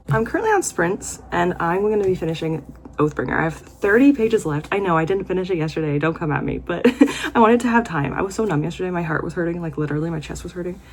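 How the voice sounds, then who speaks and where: A woman's voice: fairly low pitch, darkish tone, a little hiss or hum. A young woman vlogging her reactions while reading, talking in an emotional, gushing and exclamatory way. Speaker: book vlogger. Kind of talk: reading vlog commentary.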